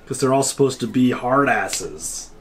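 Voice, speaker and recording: A man's voice: mid-range voice, animated, a little slow, fairly bright tone, a little hiss or hum. A man co-hosting a casual movie reaction chat, laid-back, laughing often and cracking dry jokes. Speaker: reaction video co-host.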